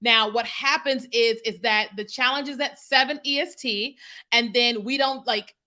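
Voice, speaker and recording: A woman's voice: fairly high pitch, moderate pace, bright, forceful tone. A woman business coach chatting casually with viewers on a livestream, often asking "you know what I mean?". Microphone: computer mic on a streaming setup.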